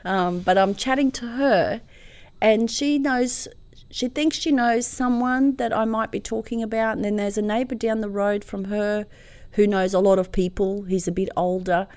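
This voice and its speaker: Interview guest: woman, mid-pitched, dry close sound, animated storyteller. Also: moderate pace, no room sound. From Croatia. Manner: lively storyteller, swings from hushed to loud and laughing. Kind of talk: telling a personal story in an interview.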